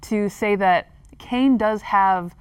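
A woman in a relaxed Bible study conversation, animated and expressive, often slipping into quoted voices. Her voice sits at a middle pitch. The sound is dry and close, with no room around it. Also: slow pace, clear, resonant tone, no room sound. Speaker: discussion panelist. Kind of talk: casual Bible study discussion.

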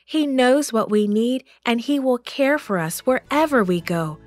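A woman narrating a Bible story for children in a slow, clear and expressive way. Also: a little high, no echo.

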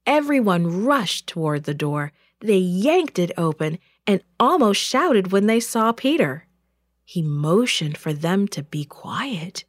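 A woman narrating a children's Bible story with an expressive, clear reading. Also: medium pitch, takes it slowly, no echo, studio quality.

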